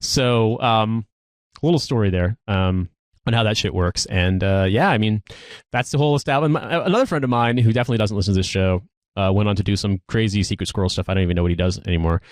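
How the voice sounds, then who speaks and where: A man in his thirties with a fairly low voice, co-hosting a casual podcast and spinning long rambling stories. He restarts sentences often and circles back on himself. The sound is dry and close. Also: fast, no room sound. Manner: rambling storyteller, frequent restarts. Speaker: podcast co-host, army veteran.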